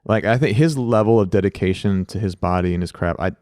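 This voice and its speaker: A man reflecting on a former teammate in a measured, thoughtful way. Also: lowish voice, a little mellow, no echo, studio quality. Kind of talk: reflective interview.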